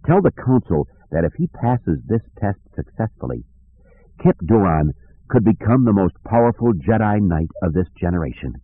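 A man voicing a calm, forceful male Jedi master who speaks solemnly and firmly. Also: deep voice, normal speed, no echo. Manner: solemn and firm. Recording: dry tinny phone-like audio.

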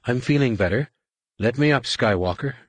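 A man's voice: lively intonation, moderate pace, breathy edge, dry recording. A man reading aloud and voicing a strong-willed, stubborn pregnant woman with an insistent, raised voice. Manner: insistent, lifted pitch.

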